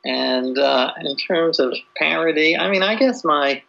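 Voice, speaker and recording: A man's voice: on the high side, unhurried, creaky, pushed and bright. A man being interviewed as an author, answering casually and hesitantly, with lots of fillers and restarts. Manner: hesitant, many "you know" fillers and restarts. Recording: dull lo-fi audio.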